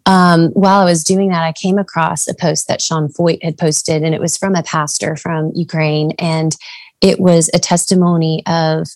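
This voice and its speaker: Woman, co-host, low voice, earnest, reflective, dry close sound. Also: little pitch movement, moderate pace, darkish tone, no room sound. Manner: earnest and reflective, with many fillers. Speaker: podcast co-host. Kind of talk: casual faith chat.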